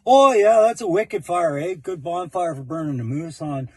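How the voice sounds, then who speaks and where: A man's voice: on the high side, normal speed, a little mellow, breathy edge, dry recording. A man playing a folksy bystander who ends his remarks with a tag question. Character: folksy Canadian man watching a bonfire.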